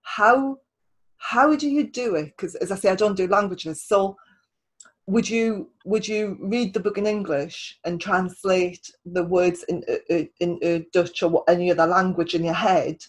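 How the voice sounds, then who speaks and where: A woman writer hosts a casual interview podcast in a fairly low voice at a measured pace, and the audio quality is poor. Her speech is chatty, full of restarts and repeated words.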